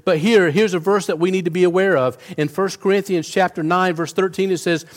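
High-voiced man preaching a sermon. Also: fairly even intonation, a little fast. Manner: earnest preaching with many restarts and repeated words. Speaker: pastor.

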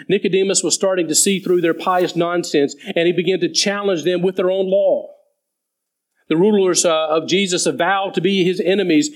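A male preacher with a slightly high voice works through a Bible passage verse by verse. He slows right down to read the scripture with deliberate weight. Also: poor audio. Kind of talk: sermon.

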